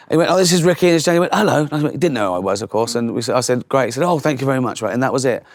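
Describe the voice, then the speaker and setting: A man's voice: mid-range voice, no echo. A man, telling anecdotes in a casual chat and acting out other people's voices. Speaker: guest comedian.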